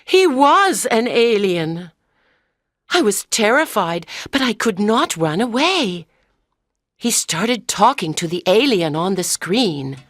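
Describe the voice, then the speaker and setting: A woman narrating a graded-reader story for language learners in a clear, careful reading. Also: mid-range voice, sing-song, slow, fairly bright tone, dry recording, clean studio sound. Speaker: audiobook narrator.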